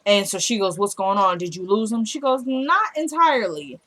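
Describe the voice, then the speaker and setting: A woman's voice: mid-range voice, animated, normal speed, fairly bright tone. A woman casually recapping a TV drama episode, acting out the characters' lines as she retells each scene. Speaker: show recapper.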